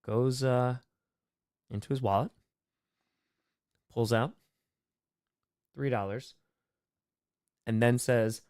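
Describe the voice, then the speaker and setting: A young man hosting a charity livestream, chatting casually and telling silly made-up stories in a deadpan way. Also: mid-range voice, takes it slowly, pauses often, clear, resonant tone. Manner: playful, breaks into sudden loud shouted donor shout-outs. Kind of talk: casual live stream chat, improvising silly stories.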